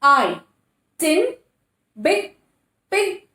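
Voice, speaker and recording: Very high-pitched and sing-song, this woman's bright, forceful voice bounces around an echoey room. Speaking with an Indian English accent, she walks kindergartners through phonics at a slow pace, spelling letter by letter and supplying answers to her own questions.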